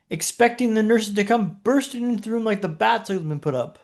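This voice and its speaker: A man's voice: sits high, unhurried, creaky. A man, a podcast guest, telling a dramatic personal story in punchy short phrases with rhetorical questions.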